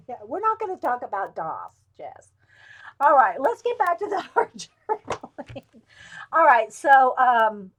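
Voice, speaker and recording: A chatty woman in her late fifties hosts a live stream, her voice sitting noticeably high. She wanders off on tangents, laughs often at herself, and talks to her viewers as if they were old friends. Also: very animated, unhurried, fairly bright tone, husky. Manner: rambling, digressive storytelling with frequent laughs. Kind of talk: casual live chat.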